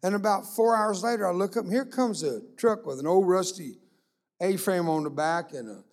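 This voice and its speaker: A man's voice: high voice, normal speed, darkish tone. A man preaching a sermon, telling a humorous anecdote and acting out the dialogue. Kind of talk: sermon storytelling.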